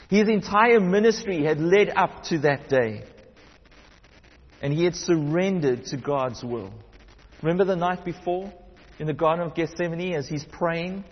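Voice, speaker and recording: Husky-voiced man preaching in a hall. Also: a little high, dull audio. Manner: reads scripture aloud, rising and dropping to hushed emphasis. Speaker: pastor. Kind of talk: sermon.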